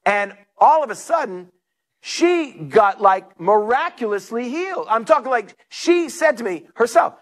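A man's voice: very high-pitched, unhurried. A male pastor preaching a sermon, telling stories and acting out the people in them. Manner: storytelling preacher, animated, acts out quotes.

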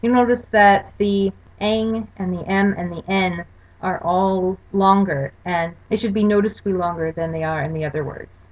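A woman lecturing for a language course speaks at normal speed in a medium-pitched voice. Over a slide show, she explains rules carefully and spells out examples. The recording is dull and lo-fi.

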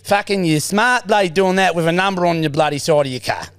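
A man's voice: sits high, fast, fairly bright tone, no echo, clean studio sound. A man voicing an aggrieved Australian bloke on a prank phone call, matey and full of swearing. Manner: gravelly, matey, swearing complaint. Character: blunt aggrieved bloke, middle-aged man.

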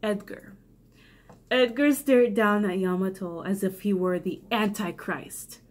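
A woman's voice: medium pitch, measured pace, darkish tone. A tipsy woman reading her own old story aloud, breaking off for rambling, self-mocking commentary. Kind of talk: casual comic read-aloud with asides.

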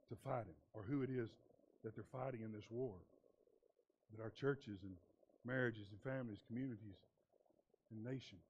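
A male pastor giving a sermon, moving between quiet, low reading and loud, emphatic preaching, repeating words for emphasis. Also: slight background noise, low-quality recording. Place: church sanctuary.

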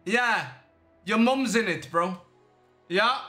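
A man's voice: sits high, takes it slowly, long pauses, sharp tone. A man streaming a video game, trading crude, taunting trash talk and complaining at teammates. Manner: crude, taunting, laughing banter. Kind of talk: casual gameplay trash talk. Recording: echoey room with game music.

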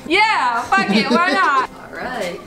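A woman's voice: sits high, very animated, extremely slow, loud music behind the voice. A woman vlogging at home, gushing in baby talk to her pet and laughing often. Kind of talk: casual home vlog.

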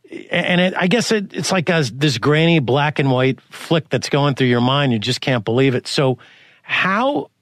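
A man hosting a podcast interview, asking long rambling questions with many restarts and sudden rises in pitch. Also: no room sound, clean studio sound. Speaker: podcast host. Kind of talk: conversational interview.

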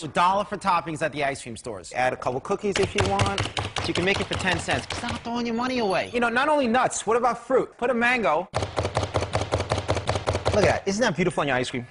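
A man pitching a kitchen gadget in a pushy, jokey infomercial patter at a kitchen demo table. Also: noisy background.

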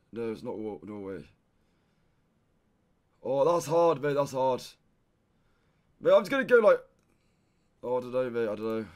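A young man streaming a guessing game, frustrated and swearing, tacking "mate" onto almost everything he says. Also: a little high. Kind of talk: casual live-stream gameplay commentary.

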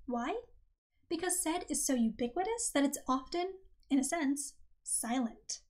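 A woman with a high voice hosts a writing-advice podcast. She reads her script in a clear, measured way and reads examples aloud as she goes. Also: lively intonation, a little mellow. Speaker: podcast host.

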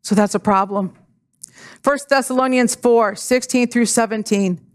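Woman pastor preaching, animated storyteller. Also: a little high, unhurried. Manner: animated storytelling, acting out dialogue. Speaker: associate pastor. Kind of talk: sermon with personal story. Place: church sanctuary.

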